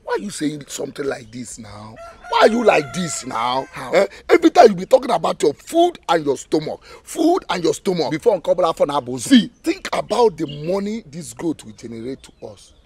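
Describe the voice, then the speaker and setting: An actor with a Nigerian accent playing a scheming young goat thief, excited and bantering in pidgin. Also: male voice, on the high side, brisk, hardly any pauses, breathy edge, heavily acted. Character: scheming young man plotting over stolen goat.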